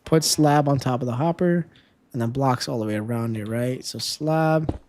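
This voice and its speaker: A live streamer talks casually to viewers during gameplay in a mid-range voice at a moderate pace. They count steps out loud and burst into loud dismay whenever something goes wrong.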